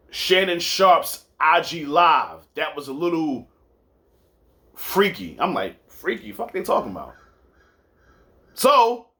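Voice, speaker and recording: New guy hosting a sports podcast, voice sits a bit high, rambles and repeats himself, swears casually. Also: fairly bright tone. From New York. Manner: loose storytelling with repeats and swearing. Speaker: podcast host.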